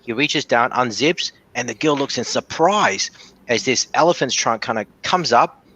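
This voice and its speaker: A man's voice: mid-range voice, lively intonation, normal speed, fairly bright tone, rough recording. A man telling rambling dirty jokes as a caller on a show, restarting his sentences often. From Australia. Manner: rambling storyteller, many restarts. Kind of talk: casual joke telling on a call-in show.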